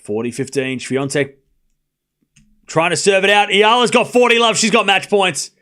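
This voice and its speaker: High-voiced excitable male tennis streamer. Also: normal speed. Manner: excitable, talks straight to chat, bursts of shouting at big points; casual and chatty, with slang and asides. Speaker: streamer doing live tennis commentary. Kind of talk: live watchalong play-by-play commentary.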